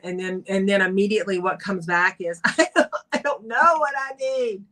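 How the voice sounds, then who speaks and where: Calm, measured woman co-host. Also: mid-range voice. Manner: calm, measured, slows down to close. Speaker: co-host and coach. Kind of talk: reflective talk-show chat.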